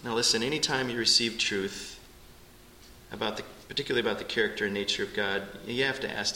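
A middle-aged male pastor preaching a sermon in a church, earnest and urgent by turns, rising to pleading then dropping soft. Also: on the low side, fast, a little hiss or hum. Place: church sanctuary. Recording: echoey church sanctuary with faint ambience.

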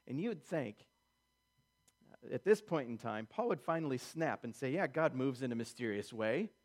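A man's voice: medium pitch, animated, moderate pace. A man preaching a sermon, acting out quotes in character and building emphasis through repetition. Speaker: pastor.

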